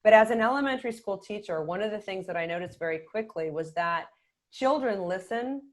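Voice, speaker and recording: A middle-aged woman speaking as a podcast guest, a communication coach who talks in a calm, measured way and often drops to a quiet voice. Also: mid-range voice. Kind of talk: conversational podcast interview.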